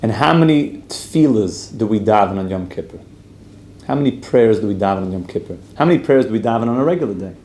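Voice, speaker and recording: A man's voice: fairly low pitch, expressive, fast, darkish tone. A man teaching a casual religious class, asking his group questions and talking in a loose, chatty way. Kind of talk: casual Torah class with storytelling. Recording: roomy echo, faint room noise.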